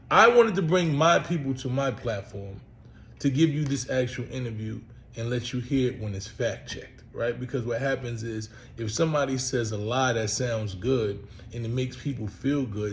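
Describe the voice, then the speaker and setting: Gravelly man, blunt emphatic talk. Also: mid-range voice, a little hiss or hum. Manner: blunt, emphatic, repeats himself. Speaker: host. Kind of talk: casual commentary to camera.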